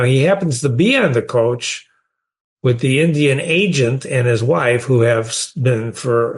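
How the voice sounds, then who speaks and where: A man, teaching a short story in a conversational way and often asking the listener questions. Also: mid-range voice. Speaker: literature teacher.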